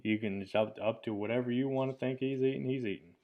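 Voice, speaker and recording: A man giving casual, rambling commentary on his own short film, enthusiastic and quick to laugh. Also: medium pitch, fairly even intonation, narrow, tinny audio.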